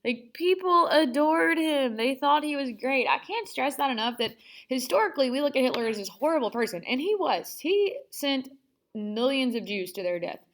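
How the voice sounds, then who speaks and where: A woman's voice: high voice, lively intonation, normal speed. A woman teaching a history lesson in a chatty, casual way, full of sarcastic asides. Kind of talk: casual classroom lecture.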